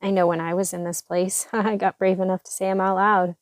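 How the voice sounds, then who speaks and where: A woman's voice: mid-range voice, flat delivery, a little fast, no echo. A woman hosting a devotional podcast, speaking earnestly and encouragingly with a stuffy, congested voice. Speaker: podcast host.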